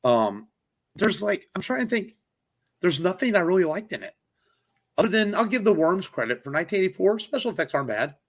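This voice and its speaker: Very animated and brisk, this high-pitched man co-hosts a podcast, chatting about movies with rambling enthusiasm. He uses lots of fillers and lets slip the odd swear word in this casual review chat.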